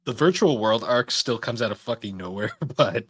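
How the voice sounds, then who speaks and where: Low-voiced laughing podcast guest. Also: male voice, expressive, moderate pace, a bit bright, breathy edge, dry recording, studio quality. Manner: laughs at his own stories, swears casually. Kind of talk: casual chat.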